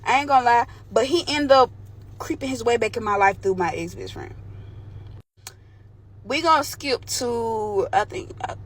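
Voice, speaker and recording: A woman's voice: a little high, moderate pace, pauses often. A young woman telling a candid, slangy story from her own life to the camera. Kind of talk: storytime vlog.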